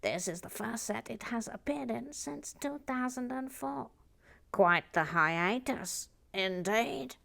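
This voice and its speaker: A woman's voice: fairly high pitch, a little slow, creaky, few pauses. A woman co-hosting a LEGO stream, reading out trivia in a dry, matter-of-fact way with wry asides. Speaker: co-host sharing LEGO trivia. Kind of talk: casual chat with read-out facts.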